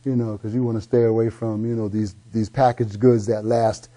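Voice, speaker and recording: Man with a very dark, mellow voice. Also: fairly low pitch, little pitch movement, normal speed. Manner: easygoing, promotional, lots of fillers. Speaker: guest, health food vendor.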